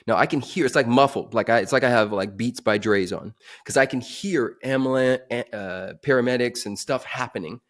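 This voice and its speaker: A man on a podcast telling a dramatic personal story, swinging from emphatic to hushed. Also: mid-range voice, normal speed, hardly any pauses. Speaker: podcast guest.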